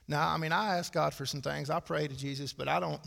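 Gravelly pastor in a reverberant hall. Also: male voice, a little high, steady tone, fairly quick, a bit bright. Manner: folksy, conversational preaching with dry asides. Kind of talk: sermon. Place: church sanctuary.

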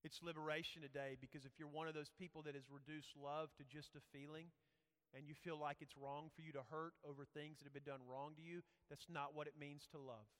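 A man's voice: a little high, level tone, brisk, a bit bright. A man preaching a sermon, earnest and conversational, telling personal stories. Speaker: pastor. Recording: echoey hall reverb.

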